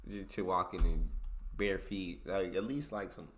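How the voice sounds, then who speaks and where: American man, reaction host, low-pitched, easygoing chatty delivery. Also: a little slow. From United States. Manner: relaxed, conversational, slangy. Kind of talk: casual reaction commentary.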